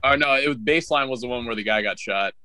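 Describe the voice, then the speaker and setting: A man's voice: medium pitch, fast, pushed and bright, clean tone, no echo. A young man co-hosting a podcast in casual chat, laid-back, saying "bro" and explaining things with restarts. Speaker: podcast co-host.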